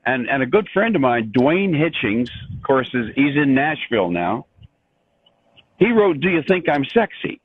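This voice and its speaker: An older man, a composer, telling stories in an interview with many restarts and an animated, rambling manner over a remote call. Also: medium pitch, moderate pace, husky, dry recording. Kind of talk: storytelling in an interview. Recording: dry tinny phone-like line.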